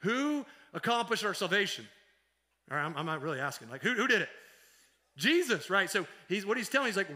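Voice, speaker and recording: A man's voice: high-pitched, pushed and bright. A middle-aged man, a pastor, preaching a sermon in a conversational way, asking the congregation questions and often repeating words.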